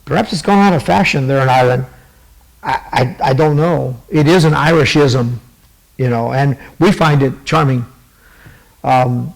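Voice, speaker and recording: Gravelly-voiced man hosting a talk podcast. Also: mid-range voice, unhurried, low-quality recording. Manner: meandering, many fillers and restarts. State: fighting a cough. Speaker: podcast host. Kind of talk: casual commentary to camera.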